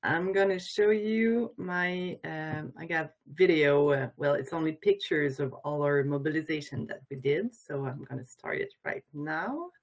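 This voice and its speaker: Casting: low-pitched woman, Quebec French accent, hesitant non-native English, union talk on a video call. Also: a little slow, few pauses. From Quebec, Canada. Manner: hesitant, many fillers and restarts, non-native phrasing. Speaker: childcare educator and union representative. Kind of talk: symposium presentation. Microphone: video call mic.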